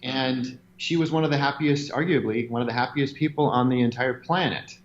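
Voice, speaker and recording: A man being interviewed, telling stories in an animated way and laughing now and then. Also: medium pitch, a little fast, highs cut off, a little hiss or hum. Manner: animated storyteller, laughs often. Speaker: interview guest, gym owner. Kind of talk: conversational interview.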